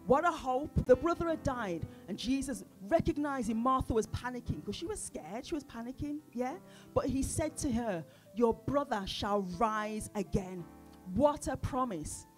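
Female preacher, sermon, fairly high-pitched, engages the congregation with questions; soft instrument music underneath. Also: lively intonation, normal speed. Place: church service.

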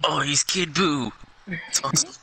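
A man's voice: fairly high pitch, normal speed, vocal fry, a crowd in the background. A man playing a video game with friends, teasing them and laughing often. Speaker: gamer on a let's play channel. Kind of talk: casual gaming banter.

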